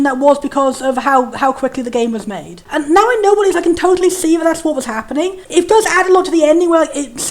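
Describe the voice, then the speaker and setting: High-voiced woman chatting over a game. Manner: chatty, rambling, full of "like" and restarts. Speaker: let's play host. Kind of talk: casual gameplay commentary. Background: faint game music.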